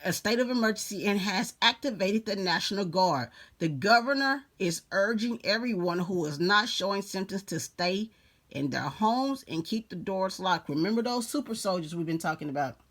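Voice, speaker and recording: A woman reads a story aloud, taking her time. She keeps stopping to add her own comments, in the relaxed way of an online preacher. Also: mid-range voice, normal speed. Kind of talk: casual story reading with commentary.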